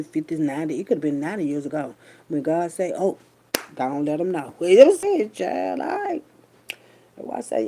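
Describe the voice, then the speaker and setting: A middle-aged woman vlogger with a low, warm, husky voice and vocal fry tells a story in a casual, chatty monologue. She loosely piles on heavy slang and calls her listeners baby and child.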